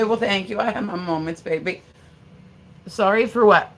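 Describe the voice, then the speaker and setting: A woman's voice: mid-range voice, moderate pace, rough recording. A middle-aged woman chatting casually on a livestream, rambling and swearing as she answers viewer comments. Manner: rambling, profane storytelling. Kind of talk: casual live-stream chat.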